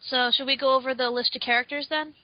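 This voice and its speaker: A young woman with a fairly high voice weighs in on a film in casual talk. She builds her points steadily, with the odd filler. The sound is dry and muffled, like a cheap home mic. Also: fairly even intonation, fast talker, no echo. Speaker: podcast co-host. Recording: dry, dull lo-fi audio.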